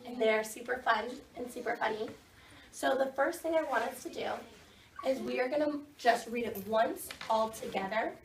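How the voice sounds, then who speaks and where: A woman's voice: on the high side, moderate pace, distant mic, a little hiss or hum. Upbeat teacher woman, echoey classroom. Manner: upbeat, giving directions to children. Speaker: second grade teacher. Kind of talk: classroom reading lesson.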